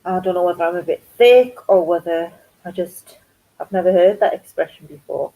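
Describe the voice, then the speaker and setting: A middle-aged woman from County Durham with a North East English accent, telling stories in a chatty vlog and acting out quoted voices with big pitch jumps. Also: normal speed, warm tone, rough recording. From County Durham, England. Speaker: crafting vlogger. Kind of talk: casual storytelling chat.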